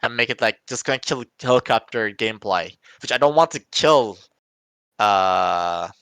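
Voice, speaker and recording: Bright, clear-voiced man thinking aloud. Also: on the low side, expressive, no echo. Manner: halting, restarts often, thinks aloud. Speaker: game developer. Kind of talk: casual podcast chat.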